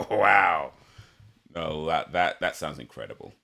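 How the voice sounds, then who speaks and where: Very deep, gravelly male podcast host. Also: animated, bright, forceful tone. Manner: easygoing, chuckles, halting restarts. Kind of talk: casual podcast chat.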